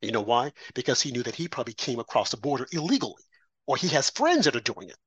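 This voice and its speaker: A man's voice: mid-range voice, sing-song, fast talker, slightly rough, no room sound. A middle-aged American man hosting a political talk show, delivering an emphatic, repetitive, preachy monologue. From United States. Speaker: host.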